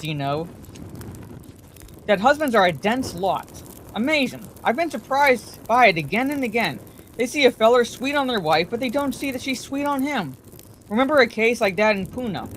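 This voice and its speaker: A woman voicing a rambling, blustering older man with a hoarse, wheezy voice, in a bedtime story reading. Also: on the high side, a little hiss or hum, pitched above the performer's own voice.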